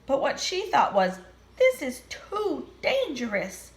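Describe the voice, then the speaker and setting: A woman's voice: high voice, wildly swooping pitch, slow pace, echoey room, voice pushed up, exaggerated voice. Woman voicing a timid, fretful sheep. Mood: worried. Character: timid worried female sheep.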